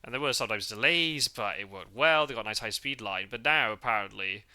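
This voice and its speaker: Man, from the UK, podcast host, casual rambling chat, very bright tone. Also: medium pitch, fairly quick. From United Kingdom. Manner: chatty, rambling, full of fillers and restarts. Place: parked car.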